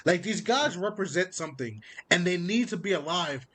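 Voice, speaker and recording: A man co-hosting a casual chat, talking excitedly and swearing freely, laughing as he retells scenes. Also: sits high, normal speed. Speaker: podcast co-host. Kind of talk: casual chat about video games.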